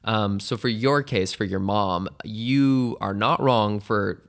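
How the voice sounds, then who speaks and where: Gravelly low-voiced man giving gentle advice. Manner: thoughtful, halting, many restarts and fillers. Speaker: podcast host. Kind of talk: casual advice podcast.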